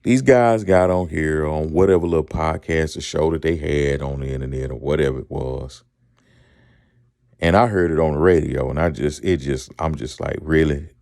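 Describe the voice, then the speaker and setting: Gravelly middle-aged man. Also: a bass voice, moderate pace, darkish tone, no echo, studio quality. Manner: rhetorical questions, repeats himself, chuckles. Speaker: podcast co-host. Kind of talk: casual sports talk monologue.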